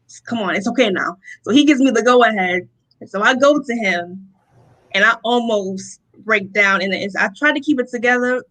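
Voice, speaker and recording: A young woman from Rochester, New York, a guest telling a personal testimony in an interview, animated and often acting out what people said. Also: mid-range voice, low-quality recording. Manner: animated storytelling, acting out quotes, laughs often.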